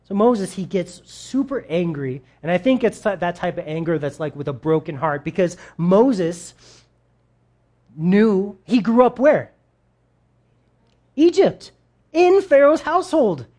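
A man preaching a sermon in a casual, conversational way, acting out quoted voices with big jumps in pitch and talking straight to his audience. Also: lively intonation, measured pace, warm tone. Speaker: pastor.

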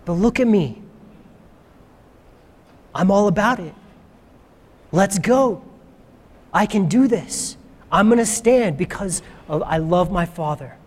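A man voicing Jesus as a calm, resolute figure speaking steadily and without fear, within a sermon. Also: sits high, moderate pace. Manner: steady, unafraid speech in first person. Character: calm, resolute Jesus facing his trial. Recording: long reverb of a large hall.

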